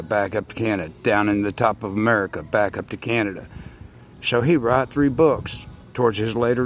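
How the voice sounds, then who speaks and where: A man giving a rambling, impassioned monologue, speaking straight to his listeners and swinging between loud outbursts and near murmurs. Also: fairly low pitch, a little hiss or hum.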